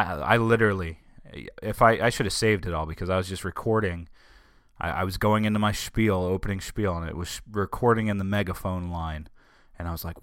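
Rambling, low-voiced podcast host man. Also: fairly bright tone, dry recording, clean studio sound. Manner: rambling and conversational, griping with wry humor. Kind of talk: casual solo podcast talk.

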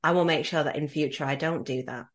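This woman hosts a conversational podcast in a fairly low voice. She talks earnestly and reflectively, and turns lively whenever she quotes someone. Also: quick pace. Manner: earnest, reflective, animated when quoting others. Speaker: podcast host. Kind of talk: conversational interview.

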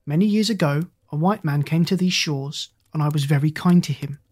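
A man's voice: fairly high pitch, fairly quick, darkish tone, husky. A reader voicing a stern, proud king in a storybook.

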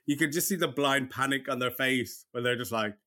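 A man with an Irish accent and a lisp, chatting casually as a podcast co-host, talking fast with a mumble and frequent laughs. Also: mid-range voice, bright, forceful tone. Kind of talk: casual chat.

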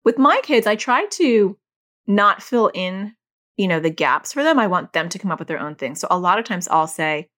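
A middle-aged woman, a mother and parent educator, explaining casually and acting out quoted lines in a higher voice. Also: animated, moderate pace, fairly bright tone. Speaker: parent educator teaching about OCD.

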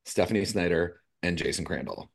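A man in his thirties from Los Angeles, a podcast guest telling lively stories in casual chat and swearing freely. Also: low-pitched, fairly quick, husky. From Los Angeles, USA. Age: 30s. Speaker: podcast guest, yoga teacher.

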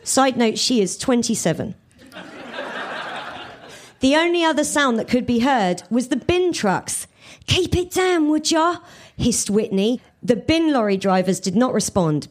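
A woman comedian from England reading her own comic fan fiction aloud to a live audience, with quick asides to the crowd. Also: medium pitch, animated, a little mellow.

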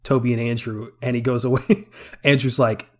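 A man's voice: medium pitch, steady tone, moderate pace. A man co-hosting a casual podcast, recapping a film scene by scene with lots of fillers and laughter. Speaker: podcast co-host. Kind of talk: casual movie review chat.

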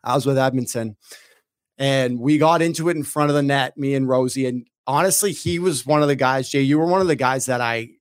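A man in his thirties tells a story on a podcast in a loose, animated way, sometimes shouting out his own lines from the tale. His mid-pitched voice sounds close and dry, with no room behind it. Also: a little fast, smooth, no echo. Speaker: podcast guest, former pro hockey player. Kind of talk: casual storytelling.

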